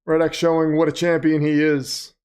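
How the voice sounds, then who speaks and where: A man's voice: on the high side, completely flat delivery, moderate pace, a little mellow, smooth. A middle-aged man hosting a livestream, chatting casually, reading out donations and chat messages and calling game plays. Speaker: livestream host.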